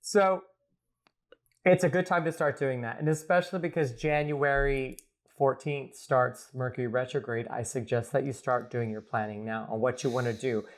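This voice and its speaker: A man's voice: mid-range voice, steady tone, normal speed. A man chats in a playful, rambling way, and his voice sits in the middle range. He laughs often as he explains things to the listener. The talk was recorded in a home. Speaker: guest astrologer. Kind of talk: casual podcast chat.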